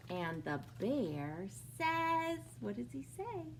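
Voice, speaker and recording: Woman children's librarian, slow and lively read-aloud, asks kids questions, faint room hum. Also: a little high. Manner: slow, sing-song, asks young listeners questions. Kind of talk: preschool storytime read-aloud.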